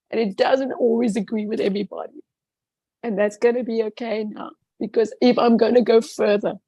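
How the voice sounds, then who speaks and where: A female guest with a fairly high, mellow, slightly rough voice gives heartfelt personal testimony in a conversation. She speaks earnestly and emphatically, often repeating words. The recording is dry and close, with no echo.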